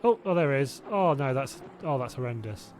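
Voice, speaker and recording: A man's voice: medium pitch, lively intonation, fairly quick, a little mellow, slight background noise. A young man casually hosting a live sim racing watch-along, chatty and reacting aloud, laughing often. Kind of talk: casual live-stream chat.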